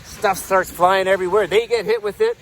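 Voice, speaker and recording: A man telling a story in a low-key, soft-spoken way while out on a walk by a lake. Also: steady tone, brisk, a little hiss or hum, poor audio. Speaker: peer support vlogger. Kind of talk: storytelling to camera. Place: outdoors by a lake.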